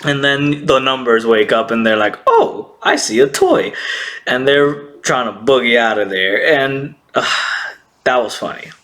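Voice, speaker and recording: A man casually recapping an anime episode, excitable, laughing often and acting out characters' lines. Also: medium pitch, moderate pace.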